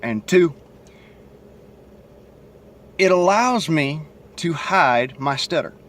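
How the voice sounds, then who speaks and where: Slow-drawling Southern man with a stutter. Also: fairly high pitch, lively intonation, fairly bright tone. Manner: rambling, profane, blunt, with a stutter. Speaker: vlogger. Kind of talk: casual monologue to camera. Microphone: cell phone.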